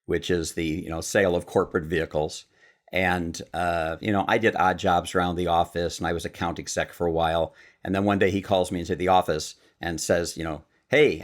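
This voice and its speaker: A man from Chicago tells stories as a podcast guest. His speaking voice sits very low, and he is a lively storyteller who acts out quoted lines.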